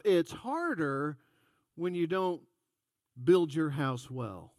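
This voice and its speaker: A man's voice: fairly high pitch, sing-song, slow, a little mellow, no echo, clean studio sound. A man preaching a sermon in a folksy, conversational storytelling way. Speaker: pastor.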